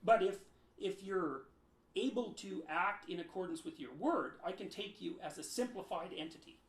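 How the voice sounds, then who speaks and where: A high-pitched man answers interview questions at length in an emphatic, lecturing way. His loudness swings sharply from forceful to quiet. The room around him rings with a noticeable echo. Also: animated, normal speed. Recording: roomy echo.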